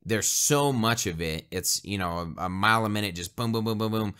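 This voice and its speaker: A man co-hosts a casual movie review chat in a lowish, bright, resonant voice. He rambles, breaks off and restarts his sentences, and laughs often as he talks. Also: brisk, smooth.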